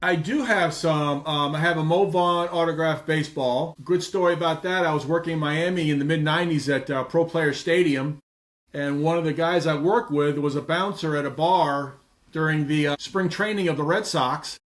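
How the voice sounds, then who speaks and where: A man's voice: on the high side, normal speed. Easygoing man recalling old stories. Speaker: podcast guest. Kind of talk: casual conversation.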